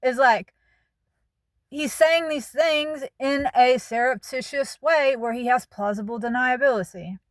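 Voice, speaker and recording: A woman's voice: sits high, a little slow, no room sound, clean studio sound. A woman giving a candid, emphatic spoken monologue as a channel host, talking plainly.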